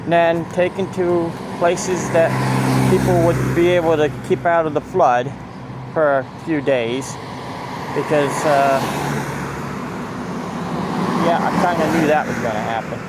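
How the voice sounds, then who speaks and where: A man's voice: on the high side, steady tone, unhurried, long pauses. A man with a Central Pennsylvania accent, walking outdoors and narrating casually into a handheld phone, rambling and restarting as he points things out. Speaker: local walking-tour vlogger. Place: outdoors on a town street with passing cars. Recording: faint street noise outdoors. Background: traffic and street noise.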